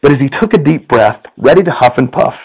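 A campus minister preaching a sermon, telling a story with frequent chuckles and animated delivery. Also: male voice, mid-range voice, quick pace, vocal fry, husky, low-quality recording.

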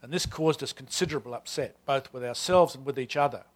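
A man's voice: mid-range voice, quick pace, lightly acted. Man reading as a wry old servant, Australian lilt. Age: 60s. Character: wry proud older male servant narrating his life. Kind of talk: reading aloud from a novel.

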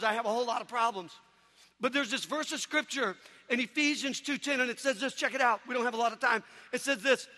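A man giving an energetic sermon testimony to a crowd, animated and often shouting. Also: extremely high pitch, a little fast. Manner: animated, shouting, mimicking people. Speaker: preacher. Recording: long hall reverb.

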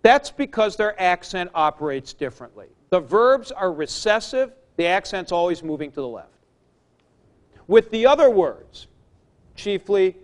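A man's voice: on the high side, smooth. A man teaching ancient Greek accents in a classroom lecture, explaining step by step with spoken examples.

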